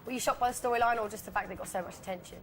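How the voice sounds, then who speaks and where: An English woman co-hosting live breakfast television, presenting brightly and briskly. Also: mid-range voice, faint music behind. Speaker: breakfast TV co-host.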